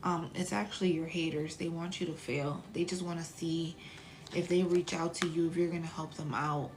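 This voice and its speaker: A woman's voice: lowish voice, steady tone, normal speed, darkish tone, a little hiss or hum. A woman doing a casual tarot reading, chatty and blunt, sometimes dropping to a whisper and swearing freely. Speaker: tarot reader.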